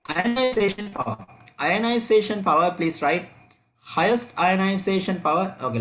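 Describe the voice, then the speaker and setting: A man's voice: high-pitched, fairly bright tone, slight background noise. A man teaching an online chemistry revision class, repeating key points and checking students' answers aloud.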